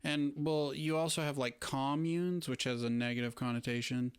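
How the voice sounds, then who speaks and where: A man's voice: mid-range voice, fairly even intonation, moderate pace, smooth, no echo, studio quality. A man co-hosting a casual podcast chat, enthusiastic and swearing casually. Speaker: podcast co-host.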